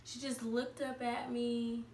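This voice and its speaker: A woman's voice: on the high side, little pitch movement, takes it slowly, darkish tone, a little hiss or hum. A woman vlogger telling a personal story in a casual, chatty way, with lots of "like" fillers. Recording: roomy echo.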